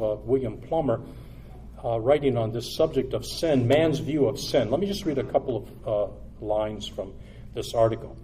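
A man with a husky voice preaches a sermon at normal speed, earnest and exhortative. He builds to loud, emphatic peaks and then drops low and quiet.

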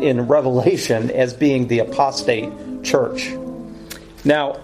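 Guy doing an earnest bible teaching, middle-pitched voice, music playing behind him. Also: poor audio. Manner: earnest, explanatory, self-correcting.

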